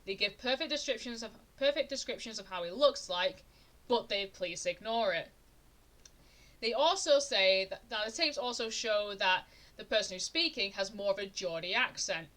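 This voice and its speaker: A woman's voice: mid-range voice, animated, moderate pace, a bit bright. A young adult woman streamer telling a true-crime story in a casual, chatty way, often indignant and restarting her sentences. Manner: chatty, indignant, with frequent restarts and rising emphasis.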